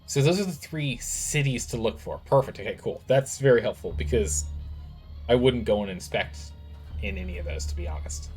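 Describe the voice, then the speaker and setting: Guy streaming a game, chatty, pitch jumps all over, bit of game music under him. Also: lively intonation, moderate pace, darkish tone, breathy edge. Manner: chatty, reads game text aloud, jokes with chat. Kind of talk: casual let's-play chat with stream chat.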